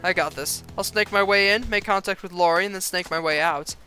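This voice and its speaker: A man's voice: high voice, brisk, bright, forceful tone, faint music behind. A man doing cocky yakuza Majima. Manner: slangy, offhand, cocky. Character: brash, blunt yakuza man, streetwise and cocky. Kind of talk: reading game dialogue aloud on a stream.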